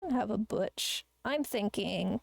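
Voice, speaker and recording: A woman's voice: medium pitch, animated, measured pace, creaky, dry recording. A woman chatting casually while she draws on a live art stream, rambling and ranting with plenty of swearing. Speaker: artist streamer.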